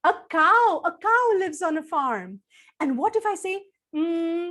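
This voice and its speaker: Animated woman telling a children's story. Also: very high voice, a little slow. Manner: animated, sing-song, coaxing with children.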